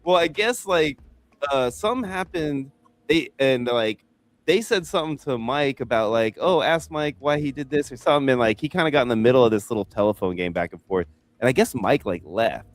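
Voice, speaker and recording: A man's voice: mid-range voice, expressive, a little fast. A man on a fantasy sports podcast, chatting casually and telling a long rambling story full of fillers. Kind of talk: casual chat.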